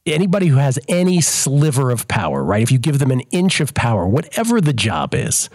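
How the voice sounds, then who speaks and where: A man hosting a sports betting talk show, chatting in an animated, exasperated way and often restarting his sentences. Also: mid-range voice, brisk, dry recording. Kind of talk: casual podcast chat.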